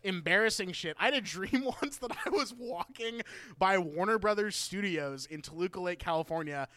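A man's voice: high-pitched, moderate pace, pushed and bright. A man co-hosting a podcast, telling a rambling, profane story with lots of "like" and fillers. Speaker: podcast co-host. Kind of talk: casual chat. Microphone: podcast mic.

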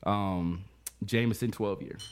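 A man's voice: fairly low pitch, unhurried, slight background noise. A man hosting a podcast, telling a story in casual chat. He keeps checking in with "you know what I'm saying.". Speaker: podcast host.

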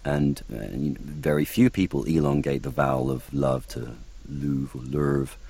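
Very deep gravelly man. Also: lively intonation, moderate pace, mellow. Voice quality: gravelly, hesitant with fillers. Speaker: actor and voice coach. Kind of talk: anecdotal interview answers.

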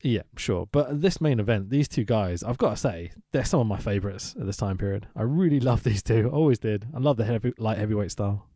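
A man's voice: lowish voice, expressive, brisk, hardly any pauses, mellow, no room sound, studio quality. A man co-hosting a casual podcast, joking, laughing a lot and reading from his notes. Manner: jokey, laughs often, reads notes aloud. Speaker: podcast co-host. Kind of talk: casual chat recapping a wrestling show.

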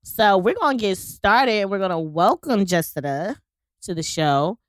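Woman co-host, bubbly and animated, smooth dry voice. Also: mid-range voice, no echo. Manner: bubbly, enthusiastic, quick to laugh. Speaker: podcast co-host. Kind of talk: casual podcast chat.

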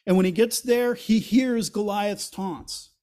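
Man, pastor, high voice, sermon, conversational explaining, rhetorical questions. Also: measured pace, a little mellow. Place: church.

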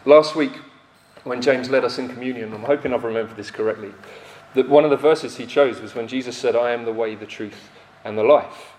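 A man's voice: medium pitch, fairly quick, a little mellow. Young male preacher, mid-range voice, self-deprecating storyteller who stumbles and restarts, recorded in a roomy hall with long reverb. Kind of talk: sermon.

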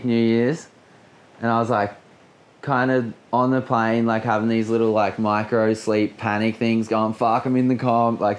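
A relaxed Australian man in his late twenties tells a story as an interview guest. His voice sits at an ordinary middle pitch, and his delivery is loose and slangy. He swears freely and leans on "like" between phrases. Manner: laid-back, swears often, heavy use of filler "like". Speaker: guest surfer.

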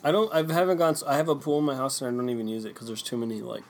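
A man who is a podcast guest, chatting casually, soft-spoken, rambling and giggly. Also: medium pitch, animated, rapid-fire, slight background noise. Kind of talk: casual chat.

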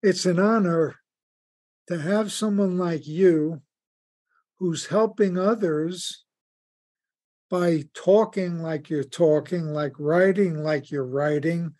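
Earnest male interview host who talks slowly and is measured and affirming. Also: a little high, dark tone. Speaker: podcast host. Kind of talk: conversational interview.

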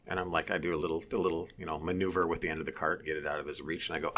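A man telling a story in casual chat, animated and swearing, mimicking others in a high voice. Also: quick pace.

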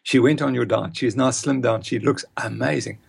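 An older man speaks as an interview guest, driving his points home with emphatic anecdotes. His voice is gravelly with a husky edge. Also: medium pitch, fairly quick. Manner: emphatic, storytelling. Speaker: guest expert. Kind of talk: conversational interview.

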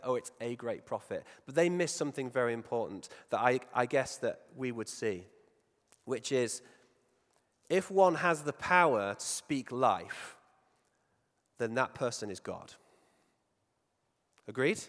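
A man preaching in an easy, conversational way, his voice sitting at an ordinary middle pitch. He keeps turning questions back to the congregation and lets his voice fall to a near hush on the points he wants to land. A long reverb trails each phrase, as in a large church hall. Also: lively intonation, normal speed. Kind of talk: sermon.

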